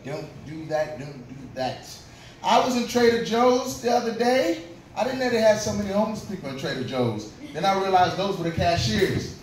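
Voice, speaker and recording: Kentucky guy doing stand-up, a bit high voice, loud noisy club, kinda distant. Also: expressive, a little fast. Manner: loose, profane storytelling with punchlines. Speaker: stand-up comedian. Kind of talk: stand-up comedy set. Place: comedy club. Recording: very echoey club from far off, noisy. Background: club crowd laughing.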